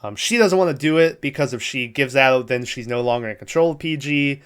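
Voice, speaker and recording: A man's voice: medium pitch, brisk, fairly bright tone, clean tone. A man co-hosting a podcast, casually recapping a movie plot in a rambling way, laughing often and acting out the characters' lines. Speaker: podcast co-host.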